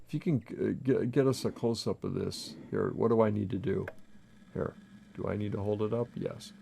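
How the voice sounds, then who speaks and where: Low, gravelly man chatting nervously. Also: warm tone, a little hiss or hum. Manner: halting, self-interrupting, nervously chatty. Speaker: coffee video host. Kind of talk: casual on-camera brewing demo. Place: home kitchen. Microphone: camera mic with a crew.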